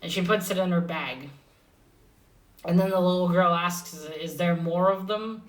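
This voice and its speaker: A woman with a fairly low voice walks through a comic book issue in a loose, chatty way. She hesitates a lot, fills gaps with "uh" and restarts her sentences. She sits a little away from the microphone. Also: fairly even intonation, moderate pace, distant mic, rough recording. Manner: rambling, hesitant with many fillers and restarts. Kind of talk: casual comic recap.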